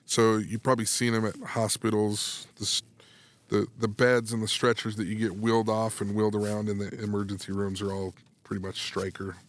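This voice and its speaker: A man's voice: lowish voice, a little fast. A man in his thirties, a sports psychology coach, telling a story in a casual podcast interview, restarting phrases and acting out dialogue as he goes. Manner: animated, restarts phrases, acts out quoted dialogue.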